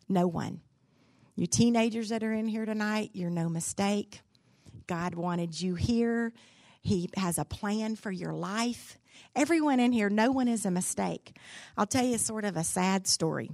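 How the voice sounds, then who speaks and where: A woman's voice: mid-range voice, a little mellow, no echo, studio quality. A middle-aged woman giving a sermon, telling a personal story and asking the room direct questions. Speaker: speaker at a church gathering.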